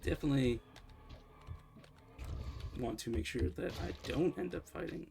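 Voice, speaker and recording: A man's voice: mid-range voice, moderate pace, creaky. A man casually commenting on his own game as he streams, rambling and often correcting himself. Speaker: livestreamer playing a game.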